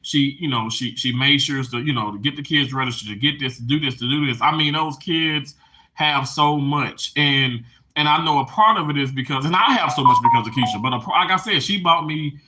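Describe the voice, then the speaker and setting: Emotional, bright-voiced male live streamer. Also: medium pitch, fairly quick, a little hiss or hum. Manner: emotional, laughing and tearing up while reading chat. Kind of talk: casual live-stream chat.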